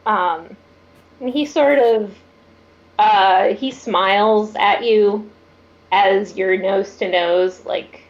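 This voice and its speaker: A woman's voice: mid-range voice, extremely slow, highs cut off. A woman running a tabletop game, narrating scenes in an easygoing, hesitant way. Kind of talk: tabletop role-play narration.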